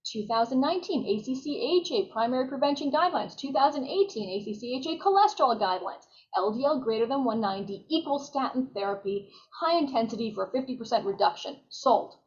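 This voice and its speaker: A woman physician shares patient stories in a lively conversational way, often acting out her own lines. Her voice sits somewhat high. The recording is dull and lo-fi. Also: quick pace. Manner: animated, quotes herself and patients. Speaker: physician guest. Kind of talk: conversational storytelling.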